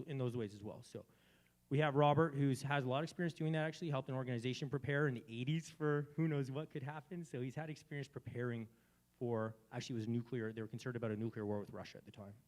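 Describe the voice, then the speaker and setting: A man hosts a live community gathering. He gives a spiritual talk in a preachy manner that moves between quiet reflection and emphatic, fervent declarations. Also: mid-range voice, fast talker. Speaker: event host.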